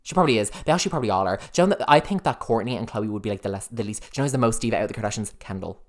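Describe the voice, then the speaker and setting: A man's voice: on the low side, lively intonation, rapid-fire. A man co-hosting a casual podcast chat who acts out celebrity quotes with lots of energy. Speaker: podcast co-host.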